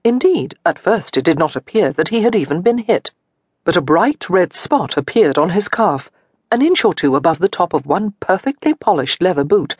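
Woman reading an audiobook, measured and expressive, dry close studio sound. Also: lowish voice, breathy edge, no echo. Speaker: audiobook narrator. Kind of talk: scripted narration.

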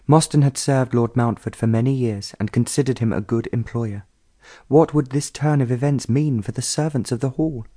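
A male audiobook narrator reads the story in a measured, even manner. His voice is mellow and warm, sitting in a middling register. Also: mid-range voice. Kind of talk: scripted narration.

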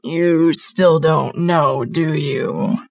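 A woman voicing a demon that possesses a young woman, speaking in a hideous guttural voice, slow and taunting. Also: deep voice, vocal fry, darkish tone, no echo, exaggerated voice. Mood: menacing.

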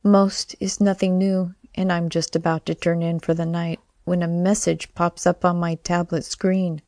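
A woman's voice: on the low side, little pitch movement, a little slow, dark tone, dry recording, studio quality. A woman reading a first-person audiobook narration in a wry, sardonic manner.

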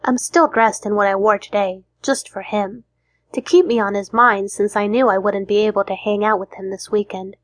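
A woman's voice: medium pitch, steady tone, normal speed, no echo. A woman reading a first-person audiobook in a petulant, sulky young-adult tone. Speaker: audiobook narrator.

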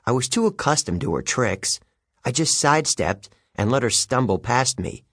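Narrating a first-person adventure audiobook, this man brings a wry, youthful flavor and lively character voices. His voice is slightly husky with widely varying pitch, at normal speed, captured in a dry, close recording without any room sound.

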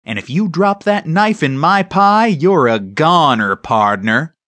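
A man's voice: a little high, animated, takes it slowly, fairly bright tone, dry recording. Man doing a firm, teasing mother.

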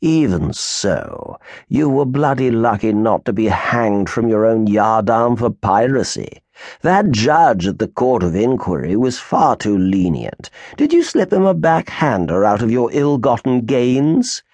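A man's voice: mid-range voice, sing-song, measured pace, creaky, darkish tone, dry recording, heavily acted. A man voicing a supercilious, sneering male naval officer in an audiobook. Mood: mocking. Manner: sneering, condescending.

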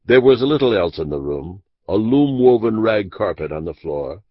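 A man narrating a classic mystery audiobook in a measured, expressive storytelling manner. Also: lowish voice, no echo. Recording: dull dry lo-fi audiobook recording.

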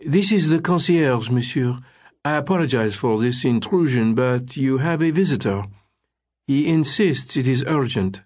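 A man voicing a polite, apologetic French hotel concierge with a French accent, deferential and hushed. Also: medium pitch, expressive, unhurried, pitched above the performer's own voice. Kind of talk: audiobook character voice.

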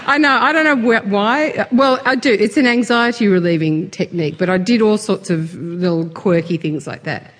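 A woman's voice: mid-range voice, moderate pace. A woman guest in a casual interview, chatty and self-deprecating, laughing often as she talks.

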